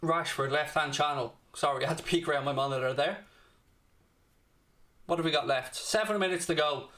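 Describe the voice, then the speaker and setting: A man's voice: on the high side, brisk, pushed and bright. A young man hosting a live football watchalong, commentating on the match and ranting and swearing back at his chat. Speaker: watchalong host.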